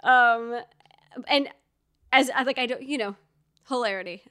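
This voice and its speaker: A woman co-hosting a casual podcast, rambling happily through stories with fillers and side remarks. Her voice sits a touch high. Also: a little slow, bright, forceful tone, clear, resonant tone. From Georgia, US. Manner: chatty storyteller, many fillers and asides. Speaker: podcast co-host. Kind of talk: casual chat.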